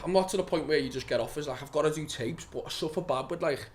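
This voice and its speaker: Brief: young man, actor guest, slightly high voice, blunt and sweary, faint background noise. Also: fast. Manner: swears freely, laughs through his stories. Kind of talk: casual storytelling.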